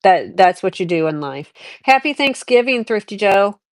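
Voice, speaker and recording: A middle-aged woman hosts a casual livestream, chatting candidly as she rambles through her life story. Her mid-range voice is very animated and at normal speed, with no echo, and her reflective talk has many restarts.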